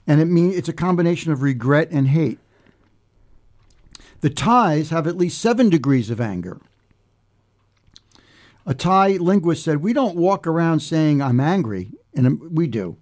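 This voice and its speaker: A man's voice: a little high, animated, measured pace, long pauses, a little mellow. An American man talking casually with friends, laughing often and restarting with many fillers. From United States. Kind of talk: casual chat.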